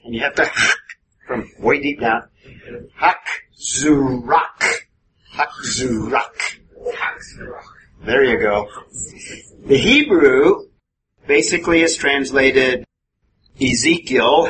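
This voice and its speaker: A man teaching a Bible class in a methodical, explanatory way, often putting questions to his students. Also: mid-range voice. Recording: noisy room recording.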